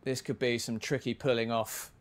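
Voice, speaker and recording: A man's voice: mid-range voice, flat delivery, normal speed. A man giving casual, chatty commentary while playing a video game, with self-mocking asides. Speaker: gaming video creator.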